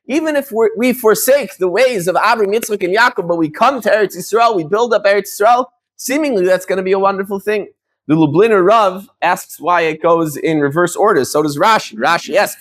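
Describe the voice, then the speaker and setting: A man with a high voice gives a Torah lesson as a rabbi. He explains in an easy, talky way, often restarting his phrases and using Hebrew terms in Ashkenazi pronunciation. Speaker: rabbi teaching a Torah class.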